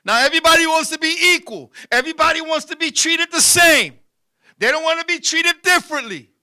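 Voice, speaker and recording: Loud high-voiced man joking. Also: fairly quick. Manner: loud, animated, often shouting and laughing. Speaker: comedy show host. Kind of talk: crude stand-up style comedy banter.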